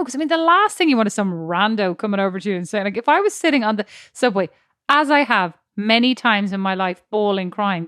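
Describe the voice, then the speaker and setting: Woman podcast co-host and parent, mid pitch, lively storyteller, dry close mic. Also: no room sound. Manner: animated storytelling, acts out quotes. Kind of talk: casual chat.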